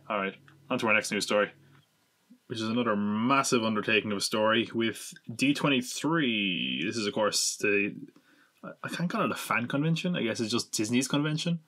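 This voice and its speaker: A man's voice: fairly low pitch, pushed and bright. A man hosting a podcast in casual chat, rambling and sarcastic, with the odd swear word thrown in. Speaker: podcast host.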